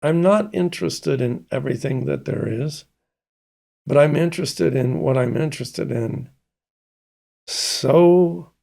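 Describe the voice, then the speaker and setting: This Mississippi-born pianist and composer, an older man, talks casually as an interview guest in a gravelly, husky voice of medium pitch and dark tone. He tells his stories slowly and reflectively, pausing often.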